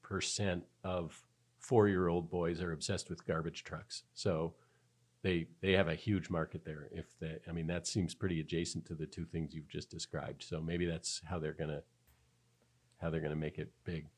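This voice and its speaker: A man with a very low voice talks through security news in a loose, conversational way. He is wry and chatty, co-hosting a casual podcast. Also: little pitch movement, moderate pace. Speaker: podcast co-host. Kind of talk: casual tech podcast chat.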